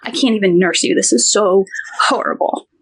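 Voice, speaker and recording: A woman in her thirties, a podcast guest, telling an emotional personal story in halting phrases with many restarts and quoted dialogue. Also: medium pitch, breathy edge.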